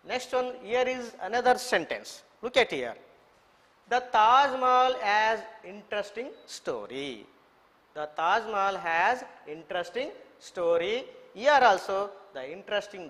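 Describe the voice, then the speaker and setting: A man with an Indian English accent teaches children English, spelling each word letter by letter and repeating it. He speaks slowly in a high voice. The recording has a long, echoey reverb. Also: a bit bright. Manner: slow, repetitive, spells words letter by letter. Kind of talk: online English lesson for children.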